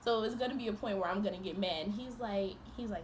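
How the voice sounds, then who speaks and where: A young woman in a storytime vlog, retelling events in an animated, profane, exasperated way, breaking into laughs. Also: mid-range voice, fast talker, background noise. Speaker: vlogger.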